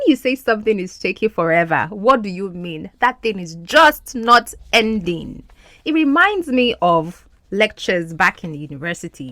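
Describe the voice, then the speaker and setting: A woman teaching English over film clips, her pitch leaping up and down as she explains and repeats words for practice. The recording is dry and close, with no room sound. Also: very animated, normal speed, sharp tone, dry recording. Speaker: podcast host and English teacher.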